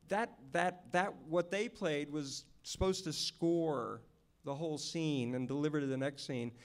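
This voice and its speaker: Male director at a Q&A, animated raconteur, pitched a bit high. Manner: animated storyteller, acts out the people he quotes. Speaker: film director. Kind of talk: storytelling at a Q&A. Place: stage at a film screening venue.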